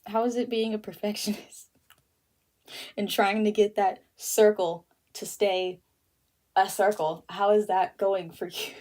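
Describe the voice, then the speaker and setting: A woman's voice: mid-range voice, warm tone. A young woman hosting an art livestream, chatting casually while she draws, full of fillers and frequent laughter. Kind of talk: casual chat while drawing. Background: faint music.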